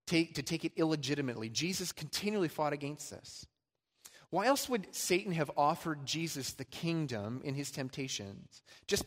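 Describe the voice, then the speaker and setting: Male pastor preaching with emphatic rises and quiet drops; medium pitch; echoing hall sound. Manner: emphatic preaching, swings between loud and soft. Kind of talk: sermon. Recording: long hall reverb.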